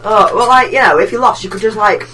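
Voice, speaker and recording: A man's voice: high-pitched, fast talker, heavy background noise. A man chatting on a podcast, rambling and laughing often. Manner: rambling, laughs a lot, does silly voices. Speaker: podcast co-host. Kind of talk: casual chat.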